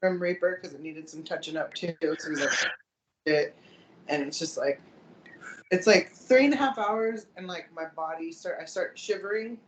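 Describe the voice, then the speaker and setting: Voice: medium pitch, moderate pace, a little hiss or hum. Profane co-host in a roomy space. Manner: profane, rambling storytelling. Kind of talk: casual chat.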